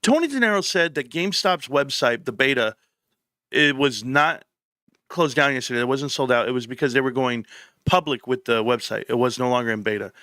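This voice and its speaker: A man hosting a casual stock-market livestream, chatty and mocking, his voice jumping high when he gets worked up. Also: brisk, no room sound, clean studio sound. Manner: excitable, mocking, voice jumps high when riled. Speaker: livestream host.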